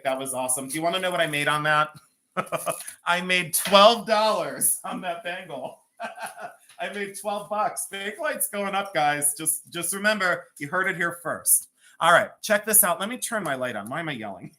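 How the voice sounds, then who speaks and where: A man hosting a live jewelry sale talks in a chatty, theatrical way and pokes fun at himself as he goes. His voice sits a little high and sounds very bright and forceful. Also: normal speed. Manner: chatty, self-mocking, theatrical. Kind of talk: live-stream jewelry auction.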